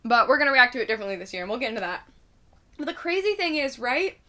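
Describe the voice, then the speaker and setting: A young woman from Indiana rambles to her camera in a casual vlog, with a slightly high voice. She swears freely, leans on fillers, and drops to quiet asides before bursting out loud. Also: sing-song, quick pace. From Indiana, United States. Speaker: vlogger.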